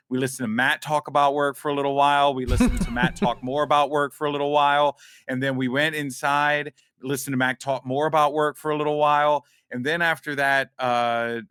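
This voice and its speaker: A man co-hosting a podcast, telling a long story in a rambling, animated way, with many restarts and swearing. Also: medium pitch, smooth, no room sound, studio quality. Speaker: podcast co-host. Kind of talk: casual storytelling chat.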